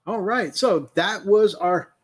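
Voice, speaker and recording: A man co-hosting a casual live-stream chat, jokey and quick to laugh. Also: sits high, slightly rough. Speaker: podcast co-host.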